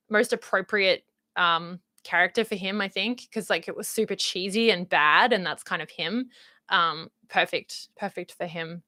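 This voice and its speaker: Bright-voiced young Australian woman, chatty. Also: fairly low pitch, no room sound, studio quality. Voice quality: Valley Girl inflection. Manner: upbeat, rambling, uses many fillers like "like" and "um". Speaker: YouTube host reading live chat. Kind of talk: casual livestream chat.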